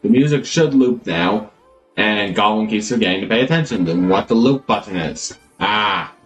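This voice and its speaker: A man's voice: lowish voice, lively intonation, normal speed, a bit bright, faint music behind. A man live streaming, chatting casually and rambling as he thinks aloud, always calling himself Goblin in the third person.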